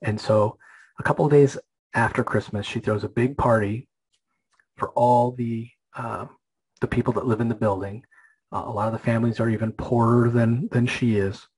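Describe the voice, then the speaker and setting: A man's voice: medium pitch, steady tone, normal speed, a little mellow, slightly rough, low-quality recording. A man hosting a comic book podcast, casually retelling a story with many fillers and restarts.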